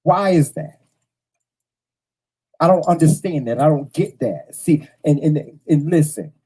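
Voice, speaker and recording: Husky, blunt man telling a story. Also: a little high, dark tone, rough recording. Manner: blunt, profane, repeats phrases for emphasis. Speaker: host. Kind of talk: casual storytelling monologue to viewers.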